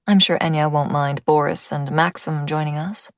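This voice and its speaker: A woman's voice: low voice, steady tone, moderate pace, few pauses, no echo, clean studio sound. A woman reading a first-person audiobook, intimate in tone and dropping to a whisper at tense moments. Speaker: audiobook narrator.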